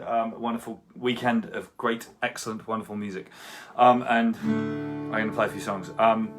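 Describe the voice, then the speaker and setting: A man's voice: on the low side, a bit bright. Hesitant man chatting on a livestream. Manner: hesitant, full of ums and restarts. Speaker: musician playing a livestream gig. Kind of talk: casual chat between songs. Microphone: computer livestream. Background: guitar.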